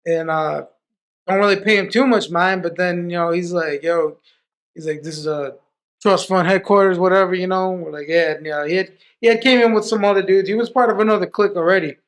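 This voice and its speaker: A man's voice: high voice, brisk. A man, a podcast guest, telling stories in a loose, profane way full of restarts. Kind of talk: casual storytelling.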